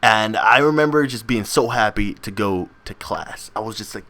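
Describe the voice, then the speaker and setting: A man's voice: fairly low pitch, moderate pace, hardly any pauses, sharp tone. Rambling young man. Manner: rambling, laughing often, many restarts. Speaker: gaming channel host. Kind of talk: casual storytelling to camera.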